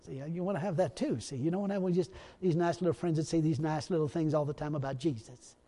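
A man's voice: on the high side, fast, dark tone. A man preaching a storytelling sermon in a folksy, rambling way, often laughing at his own stories. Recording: long reverb in a hall.

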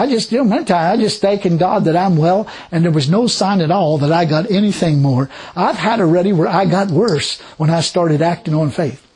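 A husky-voiced man preaches with a higher pitch and a lively, swooping delivery. He drives each point home by repeating it and breaks into praise and short laughs as he goes. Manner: emphatic, repetitive preaching with exclamations of praise. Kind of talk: sermon.

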